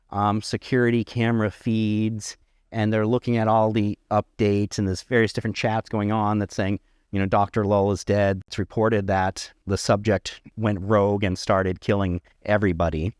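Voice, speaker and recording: A man's voice: fairly low pitch, a little mellow, dry recording, clean studio sound. A man narrating as game master, describing scenes at length with fillers and restarts.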